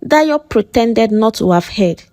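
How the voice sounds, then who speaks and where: A woman narrating a folktale in an animated, expressive way. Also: a little high, a little slow, no room sound. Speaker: storyteller. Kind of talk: scripted story narration.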